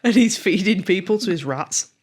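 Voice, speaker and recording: A woman's voice: medium pitch, animated, normal speed, a little mellow, breathy edge. A woman co-hosting a podcast, chatting casually about a book, laughing often and trailing off mid-sentence. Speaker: podcast co-host.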